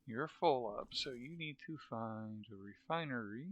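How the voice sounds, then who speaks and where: A man's voice: medium pitch, expressive, a little slow. A man streaming a game live, chatting casually and thinking aloud as he plays. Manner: thinks aloud while playing, chatty asides. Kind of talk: casual live-stream chat while playing.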